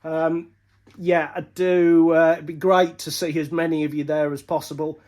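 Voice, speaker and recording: A man's voice: a little high, flat delivery, normal speed, darkish tone. Male racer, breathless after illness, rambling workshop vlog, slightly raised voice. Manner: rambling, many fillers and restarts. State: short of breath. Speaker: motorbike racer vlogging. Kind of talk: casual vlog update.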